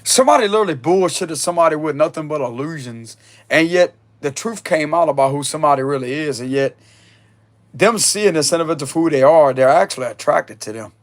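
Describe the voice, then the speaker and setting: A man giving a casual tarot reading, animated and laughing often, repeating phrases and swearing freely. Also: fairly high pitch, fairly quick. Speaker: tarot reader.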